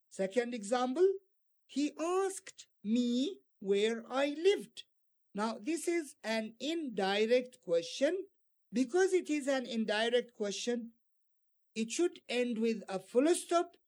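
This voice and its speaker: A woman teacher talks through grammar points slowly and deliberately. Her pitch moves a lot and sits a bit high, and she reads out example sentences with care. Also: a little mellow. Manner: slow, careful explanations with acted example sentences. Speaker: English teacher. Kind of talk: recorded grammar lesson.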